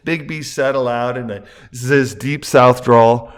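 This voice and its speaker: An older man narrating a story he wrote, in a steady, plain reading voice. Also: mid-range voice, a little slow, hardly any pauses. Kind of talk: reading his own story aloud.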